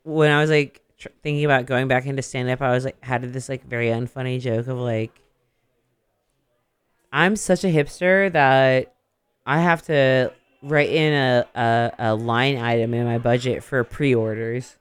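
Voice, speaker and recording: A radio show co-host, chatting casually and cheering the other host on with quick, eager interjections. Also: medium pitch, clear, resonant tone, dry recording. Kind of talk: casual chat.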